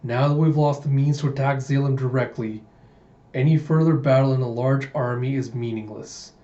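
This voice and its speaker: A man doing a stoic cyborg rebel commander, flat and steady, mellow tone, dull echoey recording. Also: mid-range voice, normal speed, natural voice. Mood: resolute.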